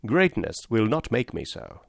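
A man reading a reserved young gentleman with mild, gently teasing speech. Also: mid-range voice, huge pitch swings, moderate pace, gravelly, no echo, studio quality. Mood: wry.

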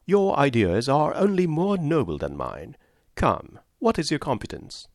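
A composed, sensible young woman, as a male reader voices her, measured and gently teasing in a raised register. Her phrasing lilts with lively intonation, dry and close for an audiobook. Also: a little high, dry recording, voice pushed up, heavily acted. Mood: wry. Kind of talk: audiobook reading of a classic novel.

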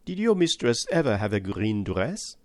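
A man reading an audiobook, voicing a calm, precise elderly male Belgian detective with a put-on French-tinged accent. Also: lowish voice, normal speed, dry recording. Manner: precise, placid, calmly probing.

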